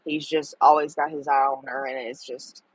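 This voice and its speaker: A woman's voice: very deep voice, little pitch movement, moderate pace, breathy edge, no echo, low-quality recording. A middle-aged woman, talking to viewers in a casual livestream chat, tender and emotional. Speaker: livestream host.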